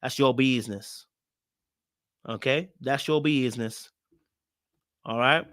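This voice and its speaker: A man's voice: medium pitch, slow pace, fairly bright tone, dry recording, clean studio sound. A man hosting a reaction show, commenting on a reality show in a blunt, emphatic way and repeating his points to drive them home.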